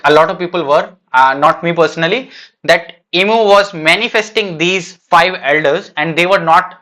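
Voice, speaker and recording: A man's voice: fairly high pitch, fairly bright tone. A man streaming a live reaction, thinking aloud in a casual, hesitant way with lots of fillers and restarts. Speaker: streamer reacting to a manga chapter.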